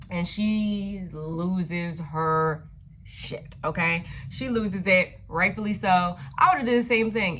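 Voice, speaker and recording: A woman recapping a TV episode in a casual, slangy, profane way, with animated retellings. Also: fairly low pitch, a little hiss or hum. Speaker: TV recap vlogger.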